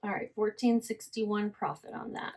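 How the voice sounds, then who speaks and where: A woman talks through her recent resale sales in an easy, conversational way. She often stops to correct herself mid-sentence and reads titles and prices aloud. Her pitch is in a middle range for a woman. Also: fairly even intonation, moderate pace, darkish tone. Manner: chatty, self-correcting, reads listing details aloud. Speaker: online reseller. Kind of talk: casual selling vlog.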